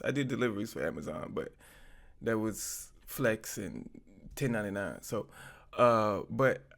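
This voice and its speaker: A man's voice: lowish voice, creaky. A man hosting his channel, reacting to clips in a laid-back, chuckling way and offering advice. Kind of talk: casual commentary.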